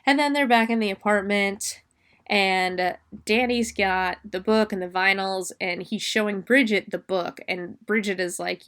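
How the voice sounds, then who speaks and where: A woman's voice: medium pitch, moderate pace, a bit bright, smooth. A woman hosting a podcast, recapping a movie in a casual, rambling way and swearing freely. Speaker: podcast host.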